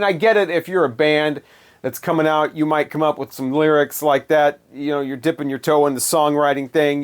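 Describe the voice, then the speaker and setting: A man giving a casual spoken album review in a sarcastic, dismissive, rambling way. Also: fairly high pitch.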